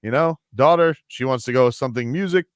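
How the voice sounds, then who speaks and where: A man's voice: medium pitch, a little fast, dry recording. Male sports radio host, joking banter, tight dry booth sound. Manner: joking, animated storytelling. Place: radio studio.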